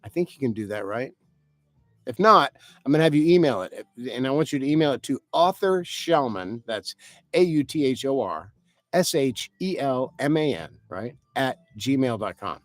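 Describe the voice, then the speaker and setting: A man's voice: medium pitch, expressive, normal speed, no room sound. A man who writes novels, rambling casually through a live stream for his viewers and cursing now and then. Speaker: author hosting a live stream.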